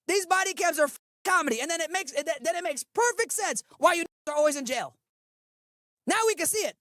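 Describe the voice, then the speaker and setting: A woman's voice: extremely high pitch, animated, fairly quick, a bit bright, no room sound, studio quality. A woman in a played clip ranting in a scornful, sarcastic tone, mocking her targets. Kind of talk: mocking rant.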